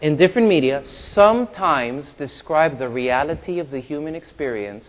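Animated man in a reverberant room. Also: a little high, normal speed. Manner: animated, punchy, rhetorical asides. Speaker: co-host of a church discussion show. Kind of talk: emphatic teaching talk. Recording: roomy long reverb, dull lo-fi sound.

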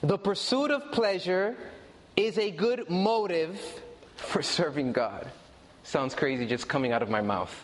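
A man's voice: fairly high pitch, a little slow, in a large hall, slight background noise. A man preaching a sermon in a conversational way, repeating and stressing his points to the congregation.

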